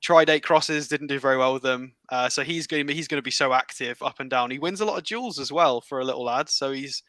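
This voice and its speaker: Bright-toned, careful male stats analyst. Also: mid-range voice, no echo, low-quality recording. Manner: careful and halting, many fillers. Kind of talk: casual football analysis chat.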